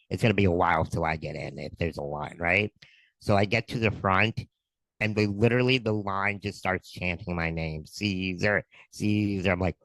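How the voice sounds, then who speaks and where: Deep-voiced man telling a story excitedly. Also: no room sound, poor audio. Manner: excited, animated retelling with quoted dialogue. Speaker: guest. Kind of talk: casual storytelling.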